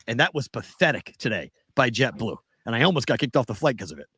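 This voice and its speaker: A man's voice: medium pitch, big pitch swings, fast, a bit bright, breathy edge. A man co-hosting a casual chat show, telling a story with animation and acting out both sides of the conversation. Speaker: podcast co-host.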